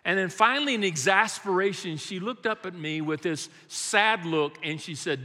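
His voice is high-pitched and sharp, moving at normal speed with few pauses. He's an elderly great-grandfather and guest preacher, praying and telling lighthearted, folksy family stories in a sermon, and the sanctuary lends a long, hall-like reverb.

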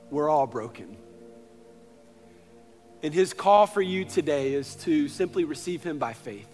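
A man in his thirties preaches a sermon, telling stories in an earnest tone that shifts from loud to hushed. His voice sits a little high. Soft music plays behind him. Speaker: pastor.

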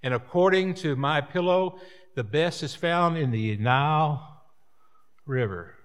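A man's voice: fairly high pitch, a little slow, smooth. A man preaching a sermon as pastor, folksy and rambling, with repeated words and chatty asides.

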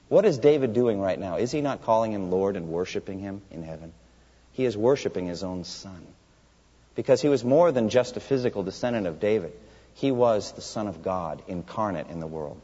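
A man's voice: fairly low pitch, mellow, husky. A man preaching an expository sermon in a church sanctuary, emphatic and putting rhetorical questions to the congregation. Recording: long hall reverb, dull lo-fi sound.

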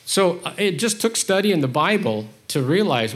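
A man preaching a conversational sermon, candid and self-deprecating, with his delivery swinging between quiet and animated. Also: high voice, moderate pace, hardly any pauses.

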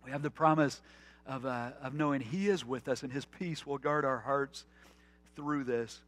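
A male pastor preaching a conversational sermon, telling stories earnestly, restarting phrases, and slowing to a soft voice on key points. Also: medium pitch. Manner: earnest, storytelling, with frequent restarts.

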